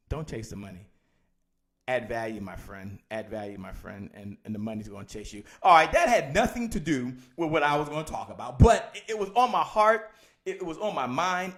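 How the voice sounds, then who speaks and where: A man hosting a live-streamed motivational sales coaching session, energetic and repetitive, calling out viewers by name. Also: fairly high pitch. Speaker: host.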